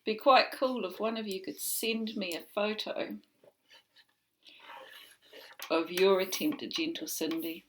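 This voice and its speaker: A woman with a New Zealand accent teaching an online phonics lesson from home, slowly sounding out letters and words. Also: medium pitch, slight background noise. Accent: New Zealand English.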